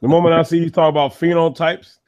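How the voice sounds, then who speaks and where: A man's voice: fairly high pitch, little pitch movement, fast, a little mellow, dull audio. A man in a casual group chat, blunt and profane, dismissive in tone.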